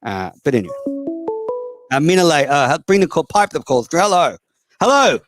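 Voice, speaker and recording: A man's voice: a little high, big pitch swings, normal speed, a bit bright, no room sound, faint music behind. Australian man, show host, blunt and sweary, mocking, dry close sound. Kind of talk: casual solo call-in show.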